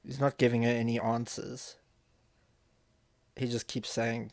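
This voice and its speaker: Gravelly male streamer, blunt and profane. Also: mid-range voice, little pitch movement, a little slow, pauses often, no echo. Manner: blunt and profane, thinking aloud. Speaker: streamer reacting to a video. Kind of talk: live stream reaction commentary.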